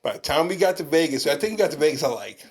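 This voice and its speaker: Podcast co-host, man in his thirties, slightly higher voice, swears freely, lively storyteller. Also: rapid-fire, slightly rough. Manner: profane, storytelling, animated retelling. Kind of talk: casual chat.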